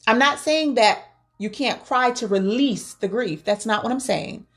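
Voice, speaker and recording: A woman's voice: on the high side, a little slow, fairly bright tone. A woman vlogger giving earnest, faith-based advice on grief, often repeating words as she searches for them. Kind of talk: personal spoken advice.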